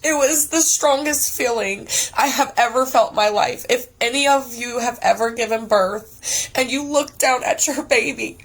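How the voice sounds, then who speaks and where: A woman sharing an emotional personal testimony, earnest and halting, often close to tears. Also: on the high side. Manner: earnest, halting, many restarts and fillers. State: tearful, on the verge of crying. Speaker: testimony giver.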